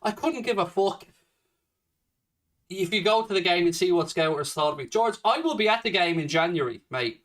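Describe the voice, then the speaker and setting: A man's voice: high voice, animated, normal speed, fairly bright tone, distant mic. A man hosting a casual fan livestream, swearing heavily and ranting confrontationally at a viewer. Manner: swears a lot, confrontational rant at a commenter. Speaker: livestream host.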